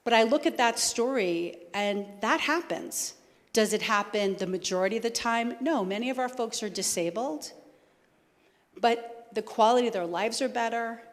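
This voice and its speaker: A woman with a New Jersey accent talks fast and conversationally, her voice carrying a long reverb around a church hall. She speaks as a guest answering questions from the audience. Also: a little high.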